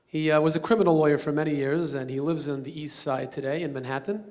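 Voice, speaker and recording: A man speaking as a rabbi storyteller at a banquet, animated and acting out the characters in his story. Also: on the high side, fast. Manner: animated, acting out quoted voices. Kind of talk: storytelling speech. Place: banquet hall.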